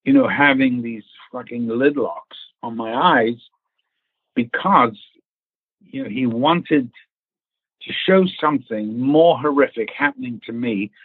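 A man from England recounts film-set anecdotes in a relaxed interview and briefly mimics the people he quotes. His voice is husky and sits in a middle register. The sound is thin and phone-like, with no room around it. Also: medium pitch, unhurried, dry recording. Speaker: actor guest. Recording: tinny phone-like line.

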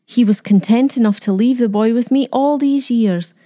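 A proud elderly grandmother, put on by a woman reading a storybook, clinging to her grandson. Her voice sits higher and more strained than the narration, defiant and quavering. It keeps a warm, mellow tone underneath. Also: normal speed, close to an everyday voice. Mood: pleading. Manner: defiant, pleading, trembling. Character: proud, fiercely loving old grandmother.

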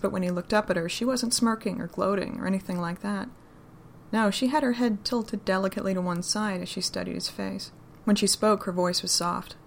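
A woman narrating a romantic story in an expressive, intimate reading. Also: mid-range voice, vocal fry, a little hiss or hum. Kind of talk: fan fiction reading.

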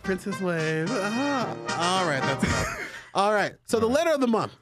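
A male podcast host in casual chat, animated and joking with his co-hosts as he reads out a listener letter. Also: high-pitched, normal speed, loud music behind the voice. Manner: animated, jokey banter with co-hosts.

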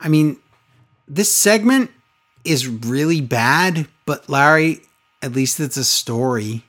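A woman's voice: low voice, lively intonation, takes it slowly. A woman co-hosting a casual recap podcast, telling the story with sarcastic exasperation and mocking impressions. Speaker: wrestling recap podcast co-host.

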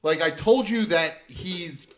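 Pria cerewet yang bercerita dengan emosi. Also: male voice, fairly high pitch, slow pace, fairly bright tone. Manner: heated, profane storyteller acting out quotes. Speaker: podcast co-host. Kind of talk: casual chat, storytelling.

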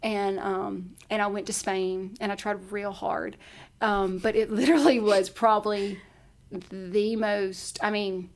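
A woman's voice: mid-range voice, steady tone, a little slow. A woman telling a personal story in casual conversation, chatty and laughing often. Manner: chatty, laughs often, acts out her own past words. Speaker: podcast guest.

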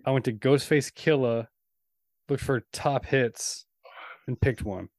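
A man's voice: mid-range voice, slow, a little mellow, dry recording. Playful teasing man, dry close sound. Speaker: podcast co-host. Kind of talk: casual chat.

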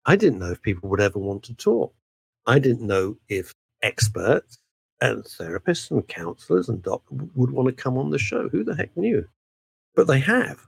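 A guest broadcaster on a conversational podcast interview, this man speaks emphatically and keeps adding asides. His gravelly, slightly husky voice swoops animatedly in a sing-song way at a moderate pace. The sound is dry and close, with no echo.

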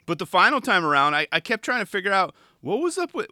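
Man, podcast host, slightly high voice, very animated pitch, laid-back rambling chat, home garage. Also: fast, no room sound, clean studio sound. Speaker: podcast host reacting to a skate video. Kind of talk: casual spoken commentary. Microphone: studio microphone.

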